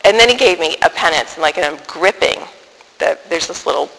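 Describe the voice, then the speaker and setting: A woman telling a personal story to an audience in an animated, self-deprecating way, often stopping and restarting her sentences. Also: on the low side, fairly quick, vocal fry, in a large hall, low-quality recording.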